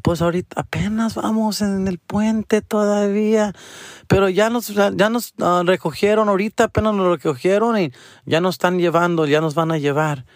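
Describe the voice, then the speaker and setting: A man voicing his anxious older mother in a high, fretful, uncertain voice. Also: steady tone, fairly quick, no room sound, clean studio sound. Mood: explaining. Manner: fretful, uncertain, speaking in Spanish.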